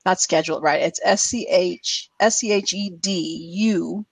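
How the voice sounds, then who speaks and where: A woman with a mixed Massachusetts and New York accent hosting a casual online panel chat. She talks chattily, laughs easily and spells words out slowly. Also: on the low side, creaky, dry recording, low-quality recording. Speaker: host.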